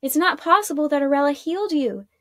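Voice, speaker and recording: A woman voicing a gentle, tender mother in a storybook read-aloud. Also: sits high, fast talker, no room sound, clean studio sound, pitched above the performer's own voice. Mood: awed.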